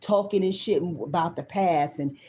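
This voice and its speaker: A woman in her fifties, a tarot reader, telling a personal story in a blunt, profane, animated way and speaking straight to her viewers. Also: on the low side, normal speed.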